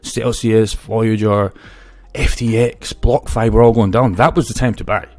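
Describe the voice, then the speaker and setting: A man's voice: fairly low pitch, unhurried. A man speaking casually in a video, brash and swearing as he tells stories and gives opinions. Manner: brash, swearing, lively storytelling. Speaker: crypto YouTuber. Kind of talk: casual talking-head video.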